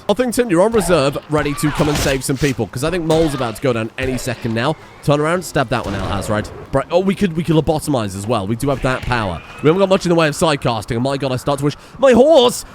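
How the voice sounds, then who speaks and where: A young man commentating his own gameplay, swearing and panicking as he shouts orders at his characters. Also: mid-range voice, slight background noise. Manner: swears and panics, swinging from mutters to yelps. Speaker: gaming streamer.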